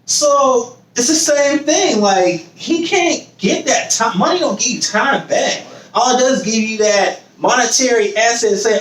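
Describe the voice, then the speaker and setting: Man, podcast host, high voice, casual swearing talk, roomy echo, a bit far from the mic. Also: a little slow, hardly any pauses. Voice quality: animated, acts out voices of others, laughs often. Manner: swears freely, repeats phrases while building a point.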